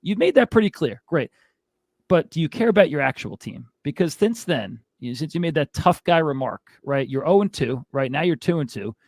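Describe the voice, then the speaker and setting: Male fantasy football host, exasperated rant, slightly high pitch, dry close sound. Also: lively intonation, normal speed, gravelly, a little mellow, dry recording. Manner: ranting, exasperated. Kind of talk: casual sports commentary.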